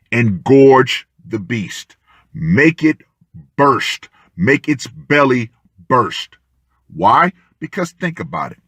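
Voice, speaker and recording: A man giving ranting commentary with emphatic, deliberate, punchy declarations. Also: mid-range voice, pushed and bright, husky, no echo, studio quality. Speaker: online commentator.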